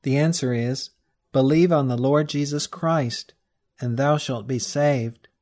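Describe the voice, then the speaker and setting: A man reading a sermon text aloud in a measured, solemn way, slowing down on the scripture quotes. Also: medium pitch, darkish tone. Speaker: reader of a religious text.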